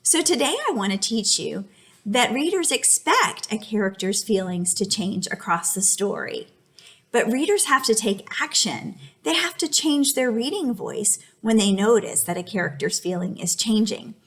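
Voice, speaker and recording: A woman's voice: fairly high pitch, expressive, moderate pace. A young adult woman teaching a reading lesson to young children, reading aloud with exaggerated expression.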